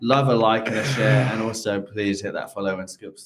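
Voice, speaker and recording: Crude, joking podcast co-host. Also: male voice, lowish voice, fairly quick, noisy background. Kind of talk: casual chat.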